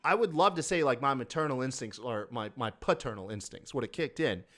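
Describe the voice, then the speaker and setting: A podcast host with a mid-range voice talks a little fast as he tells a story. He's casual, profane and rambling, getting animated and breaking into laughs.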